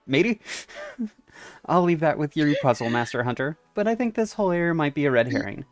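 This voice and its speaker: A man's voice: fairly high pitch, big pitch swings, normal speed, no echo, faint music behind. A man who streams games, giving casual let's-play commentary and reading the dialogue aloud with wry asides. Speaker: game streamer.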